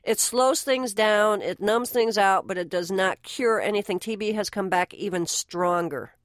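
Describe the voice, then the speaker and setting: A woman's voice: mid-range voice, a little slow, no echo, clean studio sound. A woman hosting a podcast, emphatic and opinionated, with a phlegmy throat and many restarts. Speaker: podcast host. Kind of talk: casual conversation.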